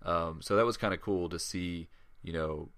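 A man's voice: low-pitched, normal speed, fairly bright tone, clear, resonant tone. A man co-hosting a podcast in casual chat, rambling with lots of fillers and restarts. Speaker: podcast co-host.

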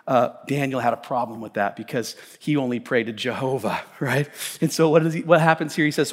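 A man pastor preaching a conversational sermon, stumbling over restarts and building to emphatic peaks. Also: medium pitch. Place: church sanctuary. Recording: church hall reverb.

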